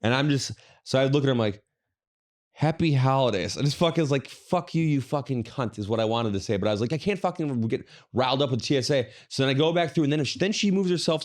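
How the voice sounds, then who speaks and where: A man co-hosting a podcast, telling a rambling, profane story in casual chat. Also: medium pitch. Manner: profane, rambling, quoting others. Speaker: podcast co-host.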